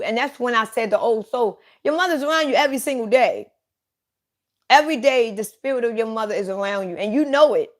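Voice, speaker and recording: Blunt, repetitive woman giving a psychic reading. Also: on the high side. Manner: blunt and repetitive, with casual swearing. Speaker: psychic reader. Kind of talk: live psychic reading addressed to one listener.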